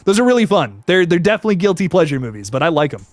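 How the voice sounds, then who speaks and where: A young man hosting a casual live stream, reading chat and reacting with excitable slang and quick restarts. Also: on the high side, no echo. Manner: excitable, laid-back slang, frequent laughs and restarts.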